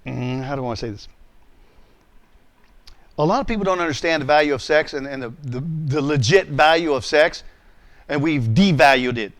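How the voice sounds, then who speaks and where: A man's voice: on the high side, moderate pace, pauses often. A male pastor preaching a sermon, telling a personal story with acted voices and frequent restarts.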